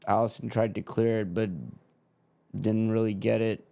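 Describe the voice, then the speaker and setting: A man calling a football match live as a fan. He shifts between flat calm and loud, swearing outbursts of frustration. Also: fairly low pitch, normal speed, vocal fry, smooth. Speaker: fan commentator on a match watch-along. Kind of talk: live play-by-play commentary.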